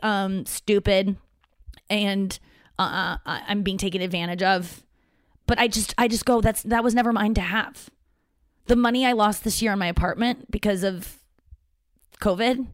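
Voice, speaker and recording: A woman's voice: fairly low pitch, dry recording. A young woman talking casually to her audience in a rambling, candid, self-deprecating way, swearing freely. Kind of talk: casual talking-to-camera monologue.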